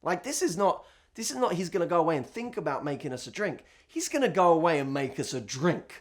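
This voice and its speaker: A man hosting a scripted vlog monologue, telling a story in an animated, theatrical way. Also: high-pitched. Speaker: host and coach.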